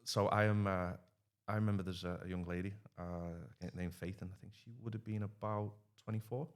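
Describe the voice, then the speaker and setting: A man's voice: fairly low pitch, fairly even intonation, fairly quick, clear, resonant tone. A man in his thirties telling rambling stories in a casual podcast chat. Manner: rambling storyteller, acts out quoted dialogue. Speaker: podcast guest.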